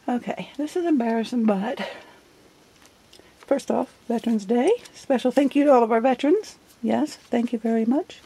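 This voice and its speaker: A woman's voice: a little high, unhurried, long pauses, warm tone, a little hiss or hum. A middle-aged woman chatting casually while flipping through her journal, giggly and self-deprecating. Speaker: journal vlogger. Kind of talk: casual show-and-tell chat.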